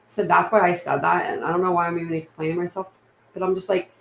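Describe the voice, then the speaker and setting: A woman's voice: fairly low pitch, flat delivery, fast talker, gravelly, fairly bright tone, reverberant, a little hiss or hum, rough recording. A woman with a Southern accent hosting a casual livestream from home, rambling and chatty with lots of fillers. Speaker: livestream host. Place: room at home.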